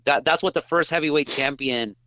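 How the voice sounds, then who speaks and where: A man's voice: fairly high pitch, fairly quick. A man being interviewed as a journalist, chatting casually and telling self-mocking stories while he acts out other people's voices. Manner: animated, self-mocking storyteller acting out quoted voices. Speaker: journalist guest.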